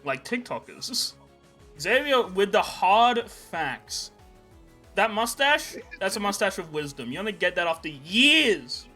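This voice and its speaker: A man's voice: fairly high pitch, pushed and bright. A young man co-hosting a casual podcast, joking, rambling and swearing freely. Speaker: podcast co-host. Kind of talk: casual chat.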